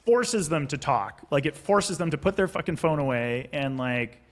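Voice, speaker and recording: Brief: man, founder guest, animated storyteller who acts out both sides, slightly higher voice. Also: moderate pace. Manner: animated, acts out investor and founder lines, swears casually. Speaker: podcast guest, startup founder. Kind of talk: casual explanatory interview talk.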